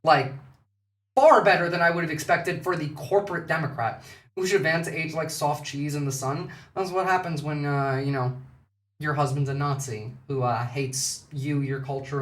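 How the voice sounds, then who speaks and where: A man's voice: on the high side, steady tone, normal speed, distant mic. Mocking male streamer, foul-mouthed and sarcastic, sits back from the mic in a roomy space. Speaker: political commentary streamer. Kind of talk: casual live-stream commentary.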